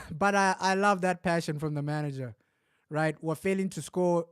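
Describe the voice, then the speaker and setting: High-voiced man in a football watch-along. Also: measured pace, smooth, no room sound, studio quality. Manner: emotional, shifts from grumbling to shouting excitement. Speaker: fan reacting to a live match. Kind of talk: live watch-along commentary.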